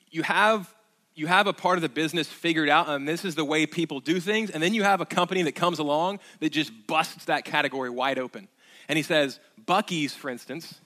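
A man's voice: on the high side, sharp tone. A man, preaching a sermon as pastor in a conversational, emphatic way, repeating key phrases.

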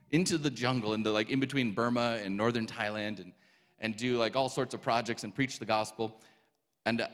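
Animated man telling a testimony. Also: medium pitch. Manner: animated storytelling, laughing, acting out quotes. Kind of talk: personal testimony.

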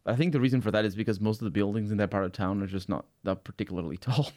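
A man's voice: on the low side, fairly even intonation, rapid-fire, darkish tone, no echo, studio quality. A man from outside the United States in casual podcast chat, rambling and searching for words, often laughing.

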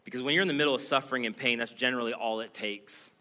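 A pastor delivering a sermon, preaching in an earnest, emphatic way that swells louder and higher as he presses his points. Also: fairly even intonation, very fast.

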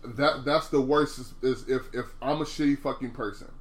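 Speaking at a moderate pace in a mid-range voice, this man co-hosts a podcast and chats casually and bluntly. Profanity comes often, "bro" comes up constantly, and he frequently starts over mid-thought.

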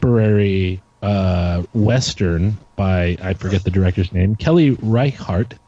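A man on a casual podcast chat, speaking in a deliberate, hesitant, dry way. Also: deep voice, mellow. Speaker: podcast co-host. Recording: dull lo-fi sound.

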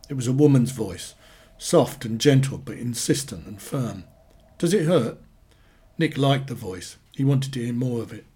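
Casting: a male reader of short stories, husky, deadpan delivery. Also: mid-range voice, moderate pace. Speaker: narrator. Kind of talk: reading short stories aloud.

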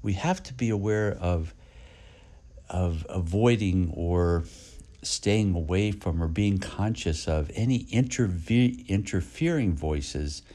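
Deep-voiced priest giving a gentle homily. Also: male voice. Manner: gentle, reflective, with pauses and repetitions. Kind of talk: podcast homily.

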